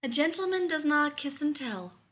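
A woman voicing an indignant, sharp-tongued male scientist who talks loftily and splutters. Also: sits high, very animated, normal speed, voice pushed up, heavily acted. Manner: lofty and spluttering.

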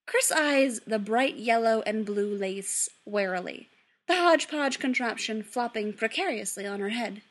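A woman narrating a story aloud in an expressive, lively reading. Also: fairly high pitch, measured pace.

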